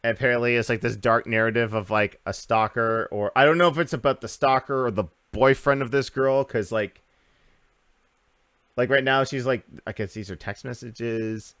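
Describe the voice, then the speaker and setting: A man's voice: medium pitch, steady tone, moderate pace, a bit bright, clean tone, no echo, studio quality. A man hosting a casual gaming podcast, rambling through news with lots of uhs and restarts. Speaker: podcast host.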